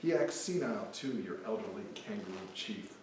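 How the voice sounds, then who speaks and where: A man's voice: lowish voice, animated, moderate pace, distant mic, noisy background, natural voice. A man reading a poem in the voice of a blunt, exasperated Australian man scolding Americans, in a mocking, emphatic way. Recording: echoey hall, mic from afar.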